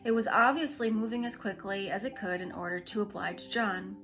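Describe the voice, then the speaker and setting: A woman reading a classic children's book aloud, gently and expressively. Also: medium pitch, brisk, music in the background. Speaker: storybook reader.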